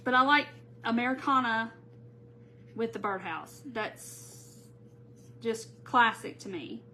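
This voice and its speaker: A woman's voice: fairly high pitch, expressive, takes it slowly, pushed and bright, a little hiss or hum. A woman hosting a live crafting tutorial, chatting casually and greeting viewers by name as she works. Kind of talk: live-stream crafting chat.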